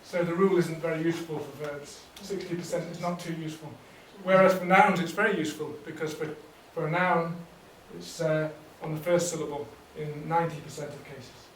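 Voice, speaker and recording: A man's voice: fairly high pitch, brisk, few pauses, slight background noise. Man explaining in an echoey room. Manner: explanatory, relaxed, with fillers and restarts. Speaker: workshop trainer. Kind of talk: teacher training talk. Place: workshop room. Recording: echoey room, distant mic.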